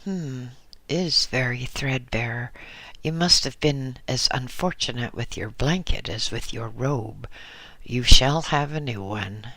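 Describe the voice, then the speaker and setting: A man's voice: medium pitch, slow pace, pushed and bright, dry recording. A man voicing a stern, stingy older male monk who scolds boys and then turns falsely sweet. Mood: falsely kind.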